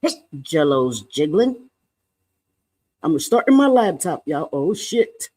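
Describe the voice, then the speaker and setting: A middle-aged man with a notably high voice chats casually on a livestream. He talks playfully, laughs a lot and swears lightly as he greets people. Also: big pitch swings, slow pace, long pauses, a little mellow. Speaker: livestream co-host.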